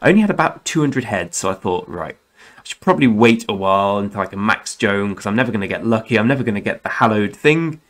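Speaking fast and expressively in a fairly low voice, a young man runs casual commentary for his gaming channel. He rambles, keeps correcting himself, and swears mildly now and then.

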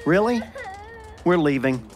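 An actor playing a crude, excitable young movie buff in an audio drama, ranting fast with lots of swearing. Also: male voice, a little high, over music. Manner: fast, profane, animated rant.

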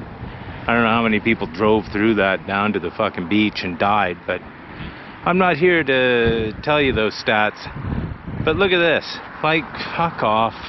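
A man's voice: medium pitch, lo-fi sound, a little hiss or hum. Profane, blunt man vlogging outdoors. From British Columbia, Canada. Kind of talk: casual walking vlog. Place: outdoors by a city beach.

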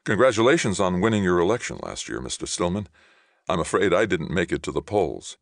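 Male narrator as a curt young ex-soldier, very deep, dry and close. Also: very animated, a little fast, vocal fry, dry recording, exaggerated voice. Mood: reserved.

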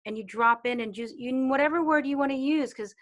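High-voiced woman leading a calm group call. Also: fairly quick. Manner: chatty, with many fillers and acted-out quotes. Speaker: meditation and intuition teacher. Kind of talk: casual talk in a live online session.

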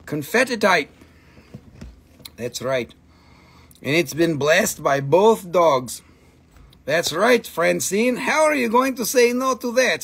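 A man's voice: high-pitched, sing-song, unhurried, vocal fry, a bit bright, husky. A man hosting a live stream where he sells minerals, chatting casually and joking around, and talking to his dogs between items. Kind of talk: casual live sales chat.

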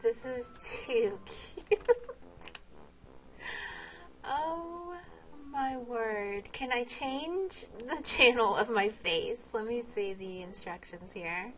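A woman's voice: a little high, lively intonation, drawn-out words, a bit bright, faint music behind. A woman vlogging while she plays, chatting casually, laughing and exclaiming often. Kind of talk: casual game vlog commentary.

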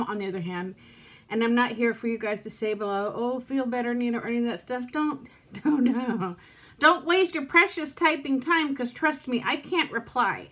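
A woman's voice: medium pitch, fairly bright tone. A woman vlogging from her home in rambling casual chat to camera, frustrated and close to tears. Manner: frustrated, rambling, self-talk.

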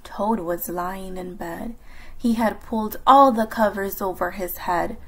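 A young adult woman reading a children's storybook aloud for a library, narrating and explaining slowly and clearly to young listeners. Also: medium pitch, fairly bright tone, rough recording.

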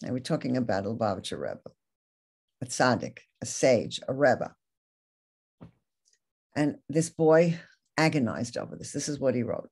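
A woman's voice: extremely low pitch, expressive, moderate pace, long pauses, a little mellow, slightly rough. A woman Torah teacher giving a lecture, earnestly retelling a story and reading quoted passages aloud.

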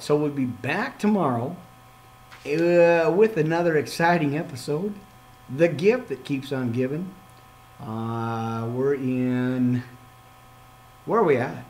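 A man, a minister hosting a live podcast, signing off with excitable, playful talk, frequent amens and asides to himself. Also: on the high side. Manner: preacherly amens and exhortations.

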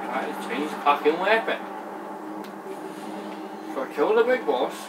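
A Scottish man playing a video game, swearing constantly and shouting at the screen. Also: a little high, animated, moderate pace, distant mic. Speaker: gamer playing a shooter. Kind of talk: live reactions while gaming. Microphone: camera across the room. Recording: echoey room, off-mic, background noise.

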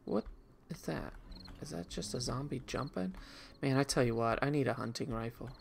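A gravelly mid-range male voice at normal speed, with background noise, belongs to a gaming channel host. He casually rambles through a reflective childhood memory, frequently restarting and turning aside to comment on his game.

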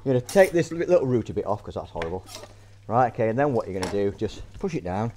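A man's voice: lowish voice, very animated, fast talker, mellow, slight background noise. A man hosting a casual cooking demonstration, chatty and instructive, bantering with his guest. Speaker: cookery show host. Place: school kitchen.

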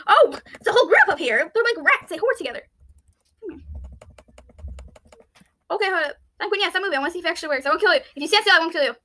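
Brief: high, bright-toned woman, excitable let's-play commentary, frantic repeated pleas. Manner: thinks aloud, with frequent "let's see" and "I don't understand". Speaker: YouTuber playing an online game. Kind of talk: casual gameplay commentary.

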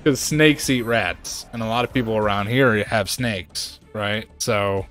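A man streaming a game and chatting casually, ranting in an animated way and jumping to high exclaims. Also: unhurried, faint music behind. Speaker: gaming streamer. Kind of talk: casual chat while playing a game.

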